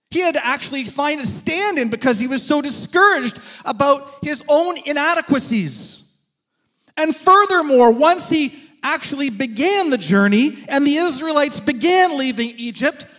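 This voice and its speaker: A male preacher giving a sermon, telling stories in an animated way and asking rhetorical questions. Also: very high-pitched, measured pace, big-room sound.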